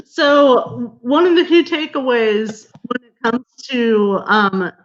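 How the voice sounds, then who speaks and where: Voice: medium pitch, fairly even intonation, slow. A guest speaker presenting a lecture on a video call, explaining steadily with occasional fillers. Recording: muffled video call audio.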